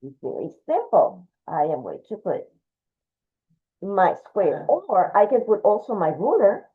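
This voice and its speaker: A woman's voice: medium pitch, wildly swooping pitch, unhurried, breathy edge. Woman art teacher, walks through the drawing step by step, thin phone-like sound. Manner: patient, explains step by step, talks while drawing. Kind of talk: drawing lesson, demonstrating. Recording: tinny phone-like audio.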